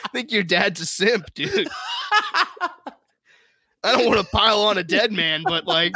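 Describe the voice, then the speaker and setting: A man's voice: high-pitched, expressive, unhurried, sharp tone, no room sound, studio quality. A young man bantering and teasing bluntly on a podcast. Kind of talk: casual banter.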